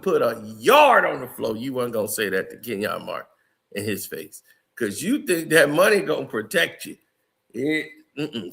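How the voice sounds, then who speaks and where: A man's voice: medium pitch, vocal fry, a bit bright. A man commenting on a video clip in a casual, incredulous way, laughing often.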